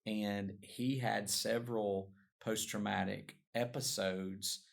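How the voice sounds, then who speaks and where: Gravelly-voiced man, reflective co-host. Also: on the low side, steady tone, slow. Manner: reflective, explanatory. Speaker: podcast co-host. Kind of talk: casual conversation.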